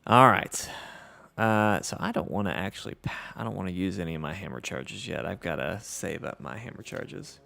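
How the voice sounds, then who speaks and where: A man's voice: deep voice, moderate pace, creaky, sharp tone. A man with a Southern US accent hosting a casual gameplay livestream, reading chat aloud in an easygoing, self-deprecating way. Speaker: livestream host.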